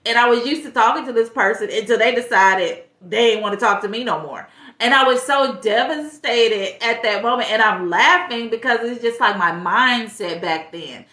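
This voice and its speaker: A woman's voice: on the high side, moderate pace, pushed and bright. Woman life coach in an echoey room. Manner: direct, questioning the viewer, laughs at herself. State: a little stuffy from allergies. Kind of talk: casual advice monologue.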